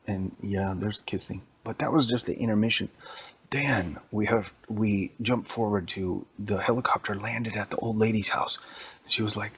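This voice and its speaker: A man's voice: lowish voice, moderate pace, husky. A man improvising a bedtime story at home, rambling and correcting himself as he goes. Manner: rambling, self-correcting, animated. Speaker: parent telling a bedtime story.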